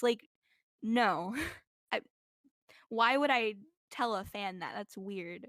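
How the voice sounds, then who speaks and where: A woman's voice: medium pitch, measured pace, fairly bright tone, no room sound, studio quality. A young woman talking casually in an interview, rambling and filling her talk with "like", recorded on a laptop microphone. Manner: rambling, heavy use of "like". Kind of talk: casual chat. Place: indoors while traveling. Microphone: laptop mic.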